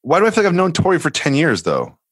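A man co-hosting a podcast in casual chat, animated, sarcastic and rambling. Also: a little high, fast, dry recording. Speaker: podcast co-host.

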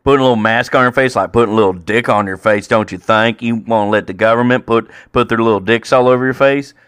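A man's voice: mid-range voice, fast talker, fairly bright tone, smooth, no echo, clean studio sound, lightly acted. A man mimicking a crude, sneering aging redneck. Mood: mocking. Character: grumbling aging redneck man mocking masks.

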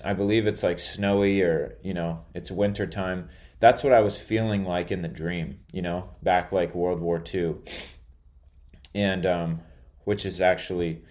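Drowsy after a nap, a male podcaster rambles through a story in a casual monologue, hesitant and full of filler words. His voice is low with a darkish tone.

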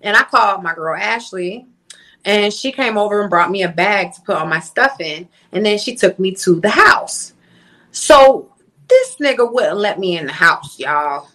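A young adult woman, an interview guest, telling a story in a candid, profane and animated way. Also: mid-range voice, moderate pace. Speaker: interview guest, livestream influencer. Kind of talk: casual storytelling.

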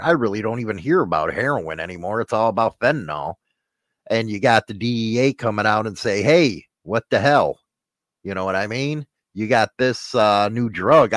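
A man's voice: on the low side, expressive, moderate pace, a bit bright, no room sound. A man hosting a podcast, talking in a blunt, profane, joking way. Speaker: podcast host. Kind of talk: casual banter.

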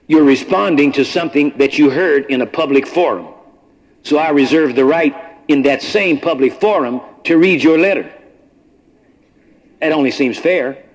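In an archival radio broadcast, a pastor with a mid-range voice preaches to his church congregation. He is blunt and conversational, and the recording is rough.

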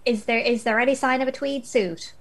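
A woman's voice: on the high side, brisk. A woman playing in a tabletop role-playing game, bold and playfully stern. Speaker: player. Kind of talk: casual tabletop play.

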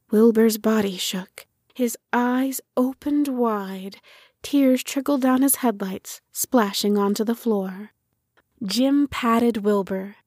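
Woman for a children's audiobook: gentle, unhurried storytelling, slightly high voice. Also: no echo, clean studio sound. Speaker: narrator. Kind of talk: audiobook narration.

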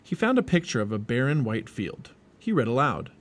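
A man reading a children's storybook aloud in an expressive, lively way. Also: medium pitch, moderate pace. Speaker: storybook reader.

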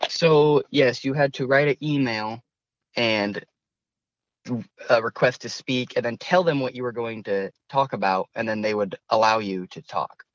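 A young man is a guest in an interview, speaking earnestly and a bit hesitantly, with frequent restarts. His pitch is in the middle range for a man, and the recording sounds slightly dull and lo-fi, dry with no room echo. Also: measured pace. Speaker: student guest. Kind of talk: conversational interview.

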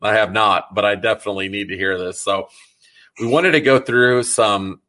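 A man's voice: lowish voice, normal speed, bright, forceful tone. A man hosting a casual interview, chatty and enthusiastic, with plenty of "like" fillers. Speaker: interview host.

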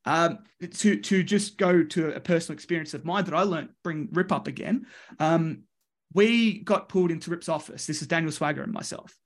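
Australian male wrestling coach, high voice, lively storyteller who does the voices. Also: normal speed. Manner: lively, voices the people in his stories. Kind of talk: animated storytelling.

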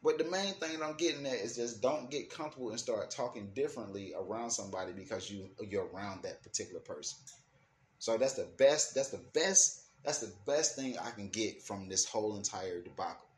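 A man's voice: fairly low pitch, brisk. Slangy, emphatic man ranting in an echoey room. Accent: African American Vernacular English. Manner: slangy, profane, emphatic, repeats words while thinking. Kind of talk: casual opinion rant to camera. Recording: echoey room with faint ambient noise.

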